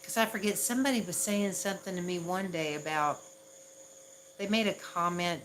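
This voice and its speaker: A woman's voice: fairly low pitch, normal speed, slight background noise, poor audio. A woman from the Southern United States with a Southern accent, chatting casually on a livestream and laughing at herself often. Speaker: ASMR livestream host.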